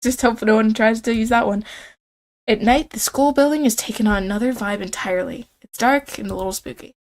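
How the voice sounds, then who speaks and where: A woman playing through a quirky story game on stream with a slightly high voice. She reads the on-screen text aloud and reacts in a casual, self-mocking way, laughing at how strange it gets. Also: brisk. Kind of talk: game commentary reading dialogue.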